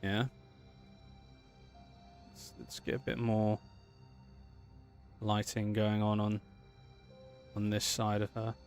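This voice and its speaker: A man's voice: fairly low pitch, completely flat delivery, takes it slowly, long pauses, darkish tone, soft background music. A man chatting casually and upbeat as he streams his animation work, thinking aloud as he goes. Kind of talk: casual livestream talk while working.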